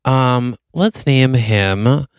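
A man co-hosts a comedy podcast, playfully spinning an improvised story. His voice is smooth and resonant. The sound is close and dry. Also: medium pitch, very slow, no room sound. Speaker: podcast co-host.

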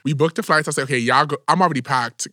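A young man co-hosts a podcast and retells a wild trip with animated, dramatic flair and plenty of cursing. His voice sits a bit high and has a forceful, bright edge. The sound is dry and close. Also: fast talker, dry recording. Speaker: podcast co-host. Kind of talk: casual storytelling chat.

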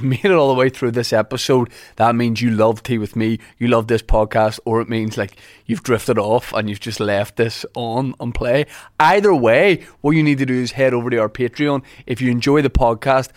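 A man's voice: mid-range voice, normal speed. A Northern Irish man co-hosting a podcast, chatting casually, telling stories and laughing often. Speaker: podcast co-host. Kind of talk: casual chat.

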